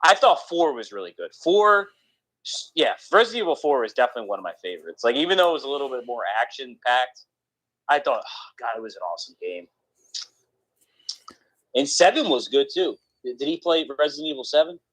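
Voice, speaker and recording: A man's voice: mid-range voice, sing-song, fairly quick, a bit bright, no room sound, rough recording. A young man chatting casually about video games, rambling with lots of restarts.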